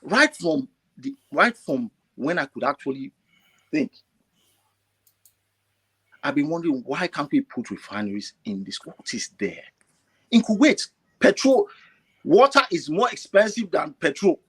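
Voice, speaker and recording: A man on an online call, talking with deep emotion and stumbling over repeated words. His husky voice sits fairly high and swings widely in pitch as he presses his point, climbing toward shouts. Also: big pitch swings, a little slow, pauses often. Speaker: caller. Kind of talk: impassioned call-in commentary.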